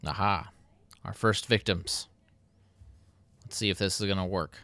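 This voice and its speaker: A man's voice: deep voice, fairly even intonation, unhurried, pauses often, bright, forceful tone, no echo. A man casually narrating his building game, chatty and self-mocking. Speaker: Minecraft YouTuber. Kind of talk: casual gameplay commentary.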